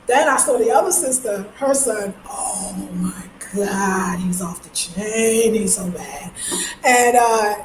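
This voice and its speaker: Brooklyn lady vlogging, kinda high voice, tells stories and acts out everybody, room echo and a little hiss. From Brooklyn, New York. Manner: chatty, animated storytelling with voiced quotes. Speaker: travel vlogger. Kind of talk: casual vlog monologue. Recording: roomy echo with faint background noise.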